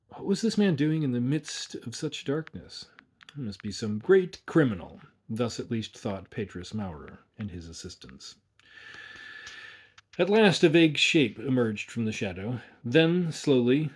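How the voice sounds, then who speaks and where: Brief: husky male narrator, measured storybook reading, mid pitch. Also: a little mellow.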